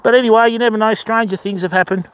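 A man's voice: sits high, fairly even intonation, fast talker, lo-fi sound, a little hiss or hum. An Australian man hosting a casual fishing livestream outdoors by a river, chatting with viewers and greeting them by name. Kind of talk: casual live-stream chat.

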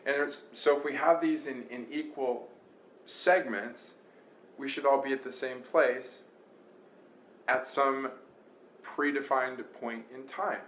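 A man's voice: mid-range voice, takes it slowly, pauses often, slight background noise. A man giving a casual guitar lesson, counting beats aloud as he plays along on his own guitar. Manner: relaxed, talks while playing, counts beats aloud. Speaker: guitar teacher. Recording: roomy sound with loud guitar. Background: his own guitar playing.

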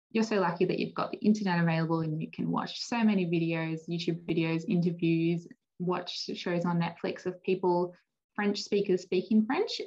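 A woman's voice: lowish voice, darkish tone. Woman moderating, dull call audio. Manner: friendly, encouraging. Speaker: webinar host. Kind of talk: webinar moderation. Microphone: video call.

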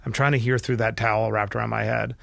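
Gravelly-voiced man telling a personal story. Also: fairly low pitch, level tone, fast talker, no echo. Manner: earnest and emotional, with frequent restarts and quiet dips. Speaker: podcast guest, entrepreneur. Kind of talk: candid storytelling conversation.

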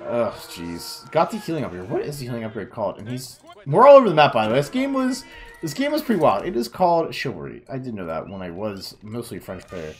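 A man's voice: medium pitch, sing-song, fast talker. A tired young man commenting on a replay of his own game, self-critical and groaning at his mistakes. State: tired, yawning. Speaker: gaming video creator.

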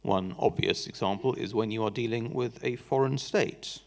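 A man's voice: fairly low pitch, moderate pace, vocal fry. A man giving a legal seminar talk, critical and dry, with frequent restarts. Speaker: barrister giving a lecture.

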